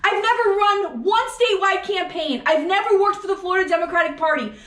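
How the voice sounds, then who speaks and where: A woman's voice: very high-pitched, a little fast, a bit bright. A woman co-hosting a podcast, venting furiously about politics in a profane rant, with lots of rhetorical questions. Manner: angry, profane ranting. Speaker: podcast co-host. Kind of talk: heated political chat. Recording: echoey room.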